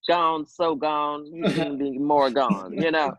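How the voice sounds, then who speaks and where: A woman's voice: low-pitched, measured pace, crowd noise. A woman comedian telling loose, profane stories in casual chat over a video call. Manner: loose, profane, animated storytelling. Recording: dull lo-fi video call audio.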